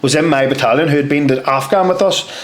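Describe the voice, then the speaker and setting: A man in his thirties with a Northern Irish accent, telling a story as a podcast guest in an animated way, swearing freely and saying "mate.". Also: a little high, fast. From Northern Ireland. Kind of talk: casual storytelling. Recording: roomy echo, faint ambience.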